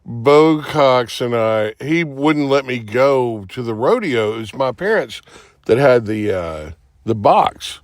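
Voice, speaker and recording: A man spinning a rambling, profane yarn in an unhurried drawl. His pitch swings widely as he acts out the people in his story. The sound is dry and close. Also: expressive, no echo. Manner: rambling, profane, acts out quotes with sudden shouts. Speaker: podcast host. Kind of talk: casual storytelling.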